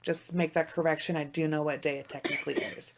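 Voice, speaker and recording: A woman in her thirties co-hosting a podcast, telling stories in a casual chat with animated swings from loud outbursts to hushed asides and plenty of swearing. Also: deep voice, fast talker, very noisy. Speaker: podcast co-host.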